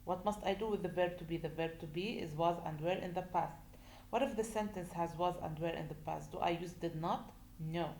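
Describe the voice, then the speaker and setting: A woman teaching a grammar lesson, speaking slowly and deliberately, repeating points and asking rhetorical questions. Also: fairly low pitch, a little mellow. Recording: echoey room with faint noise.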